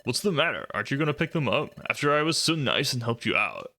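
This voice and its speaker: A man's voice: mid-range voice, sing-song, fast, vocal fry, pushed and bright, full character voice. A man putting on a smug dude-bro skunk boss. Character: smug bullying male skunk gang boss. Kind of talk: reading game dialogue aloud.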